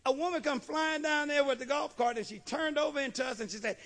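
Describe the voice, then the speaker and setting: A man's voice: very high voice, quick pace, hardly any pauses, fairly bright tone. A man, a bishop, preaching a sermon with emphatic delivery and frequent amens.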